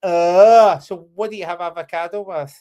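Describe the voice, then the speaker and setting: A man's voice: high voice, steady tone, moderate pace, dark tone, muffled recording. A middle-aged man speaking as a guest in a live-stream interview, hesitant and searching, often restarting his questions. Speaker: guest, company chief executive.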